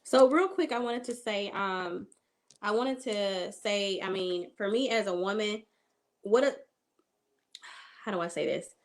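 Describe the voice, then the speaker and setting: A woman's voice: medium pitch, unhurried, pauses often. A woman taking part in a casual group discussion, speaking thoughtfully and searching for her words. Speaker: discussion participant.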